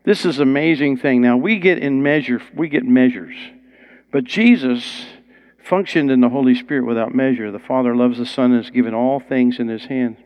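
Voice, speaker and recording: A man's voice: medium pitch, normal speed, highs cut off. A man preaching a sermon in a conversational, storytelling way. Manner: conversational, rising to excited storytelling.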